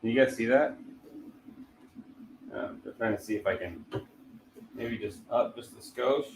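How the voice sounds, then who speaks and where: A man on the low side of pitch speaks unhurriedly as he chats with livestream viewers, rambling and laid-back while a printer runs. The recording is low quality, with a little hiss or hum.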